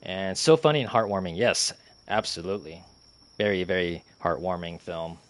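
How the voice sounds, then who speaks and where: A man's voice: low-pitched, moderate pace. A young man streaming a game and chatting casually, rambling with lots of fillers, restarts and giggles.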